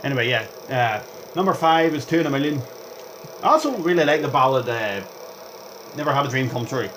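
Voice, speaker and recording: A young man talks over his own gameplay in a loose, rambling way, hopping from one topic to the next. He is chatty and excitable and reacts out loud to what happens on screen. His mid-pitched voice swings up and down with lots of expression. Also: brisk, background noise. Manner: excitable, reacts aloud to the game. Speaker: gaming vlogger.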